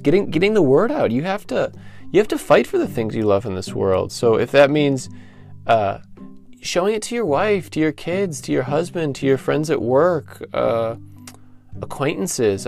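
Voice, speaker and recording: A man's voice: on the high side, gravelly, darkish tone. A man hosting a comedic podcast, rambling and stammering through his words, repeating himself as he goes. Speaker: podcast host.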